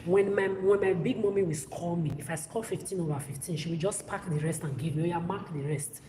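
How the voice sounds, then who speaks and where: A woman rants straight into the camera, blunt, profane and angry, often tripping over her words and starting sentences again. Her voice sits fairly low for a woman. It bounces around a hard, echoey room, and a steady wash of background noise runs underneath. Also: brisk. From West Africa. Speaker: vlogger. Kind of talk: ranting monologue to camera.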